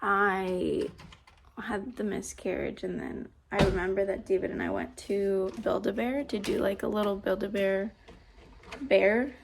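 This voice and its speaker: A woman's voice: mid-range voice, fairly even intonation, moderate pace, gravelly, noisy background. A young pregnant woman chatting casually in a home vlog, talking with lots of fillers and a little out of breath. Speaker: vlogger. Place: home rooms, indoors.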